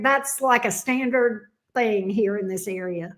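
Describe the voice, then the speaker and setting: A woman's voice: mid-range voice, measured pace, hardly any pauses. A Southern woman from Alabama hosting a live stream, chatting casually and rambling as she reacts to viewer comments. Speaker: tarot reader and live stream host.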